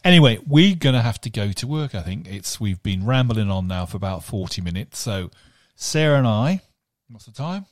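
A man's voice: on the low side, very animated, moderate pace, hardly any pauses, no room sound. A talkative man co-hosting a casual podcast. He rambles and jokes as he talks. His voice is recorded dry and close. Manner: rambling, jokey, puts on accents. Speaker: podcast co-host. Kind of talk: casual chat.

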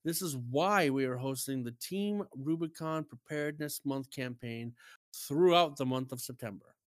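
A man co-hosting a casual podcast, reading out a listener message and the weekly news with lively emphasis. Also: mid-range voice, normal speed, no echo. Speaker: podcast co-host.

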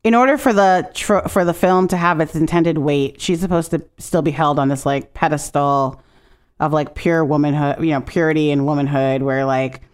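A woman with a low-pitched voice co-hosts a casual podcast. She tells stories with animated energy, slips into quick quoted voices, laughs often and swears freely. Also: smooth. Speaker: podcast co-host. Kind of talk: casual podcast chat reviewing a film.

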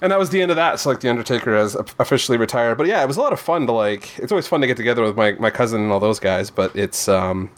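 A man's voice: mid-range voice, rapid-fire, hardly any pauses. A man co-hosting a podcast in casual chat, rambling with many fillers and restarts. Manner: rambling, lots of likes and restarts. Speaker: podcast co-host.

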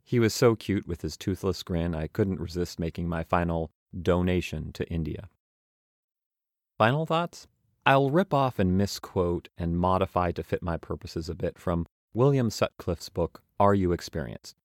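A man's voice: deep voice, animated, normal speed, dry recording, studio quality. A young man narrating his travel journal aloud, wry and self-mocking.

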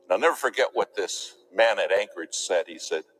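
Deep voiced preacher man, dramatic storytelling sermon, drops to a whisper for effect. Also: animated, fairly quick, slight background noise, rough recording. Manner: dramatic, swings between loud emphasis and hushed near-whispers. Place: church.

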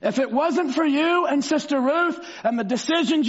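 A fervent male preacher with a very high voice for a man, swinging from soft storytelling into loud, drawn-out shouts. The recording sounds slightly dull. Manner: fervent, bursts into shouts, stretches words. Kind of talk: sermon.

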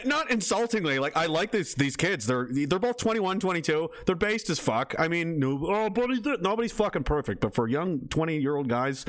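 Man, casual live-stream chat, rambling, swearing, animated pitch. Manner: rambling, profane, laughing, reads chat aloud.

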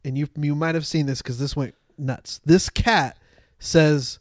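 Man, casual chat, laughs often, slightly high voice, dry close sound. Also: fairly even intonation, a little slow, dry recording. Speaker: podcast co-host.

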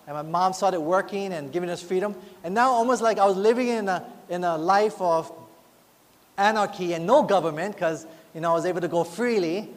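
A man preaching a sermon, telling his own story in an earnest, heartfelt way that rises into pleading. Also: high-pitched. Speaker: pastor. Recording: long reverb, faint music behind.

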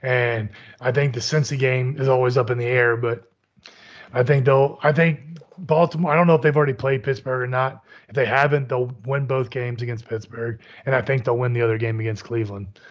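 A man co-hosting a casual sports talk show, giving measured opinions that weigh both sides. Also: medium pitch, steady tone, highs cut off. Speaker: podcast co-host.

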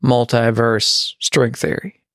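A man's voice: mid-range voice, little pitch movement, takes it slowly, gravelly, a bit bright, no echo, studio quality. A man co-hosting a podcast in casual chat, rambling and restarting as he lays out a theory. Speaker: podcast co-host.

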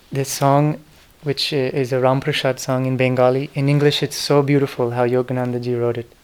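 Middle-aged man, earnest devotional lecturer, smooth clear voice. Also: medium pitch. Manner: earnest, devotional storytelling with soft, whispered quoted names. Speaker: speaker giving a talk on spiritual history. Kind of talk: reflective spoken lecture.

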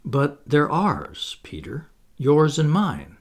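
A man's voice: a little high, wildly swooping pitch, slow, vocal fry, exaggerated voice. A man reading aloud and voicing a prim, motherly young girl who talks earnestly and sometimes scornfully.

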